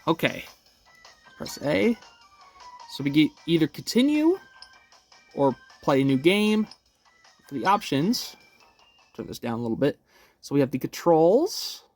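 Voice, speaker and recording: A man's voice: on the high side, big pitch swings, unhurried, pauses often, a little mellow, soft background music. A young man hosting a casual game walkthrough, talking each step through in an upbeat, chatty way at home. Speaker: gaming channel host.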